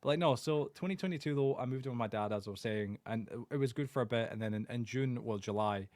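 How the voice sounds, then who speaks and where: A man's voice: medium pitch, fast talker, no room sound, clean studio sound. A young man co-hosting a podcast, telling family stories in casual chat and swearing constantly. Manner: swears constantly, animated storytelling. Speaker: podcast co-host.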